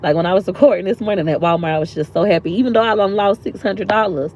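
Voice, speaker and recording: A woman's voice: mid-range voice, fast talker, a little mellow, lo-fi sound, slight background noise. A woman vlogger sitting in a park outdoors, talking earnestly and from the heart, repeating lines for emphasis. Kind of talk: emotional motivational vlog talk.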